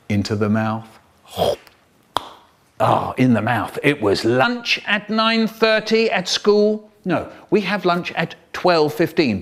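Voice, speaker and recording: A man's voice: mid-range voice, fairly bright tone. A man telling comic stories in spliced bits, jumping between the voices of family members. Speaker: storyteller.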